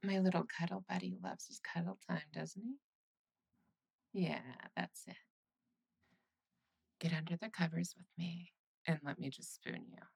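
A woman voicing a caring, teasing young girlfriend in a whispered role-play, soothing and reassuring with soft laughs. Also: on the low side, steady tone, measured pace, gravelly, long pauses, breathy edge, exaggerated voice.

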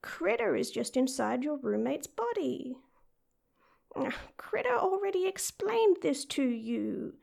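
A woman voicing a meowing cat-girl, high and creaky. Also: very animated, slow, a little mellow, full character voice. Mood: playful. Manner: refers to herself in third person, meows often. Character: playful female house cat in a young woman's body. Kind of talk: audio role-play addressed to the listener.

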